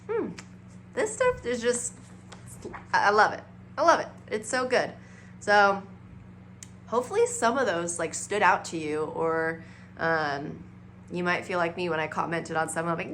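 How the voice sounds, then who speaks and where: A young woman talks straight to her viewers in a bubbly, chatty vlog voice. Her pitch sits in the ordinary middle range, and she fills her sentences with "like" and "um". A faint hum runs under the recording. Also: a bit bright. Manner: bubbly and chatty, with many fillers like "like" and "um". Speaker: vlogger. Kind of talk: casual chat to camera.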